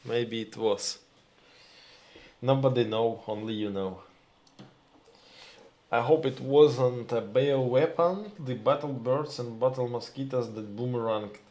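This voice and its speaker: A man with a Ukrainian accent hosts a live stream, working slowly through his English and pausing often to find the next word. He speaks to his viewers directly, reads their comments aloud, and gets heated over the news. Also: mid-range voice, a little mellow. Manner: halting, searching for words, addresses viewers as "my dears".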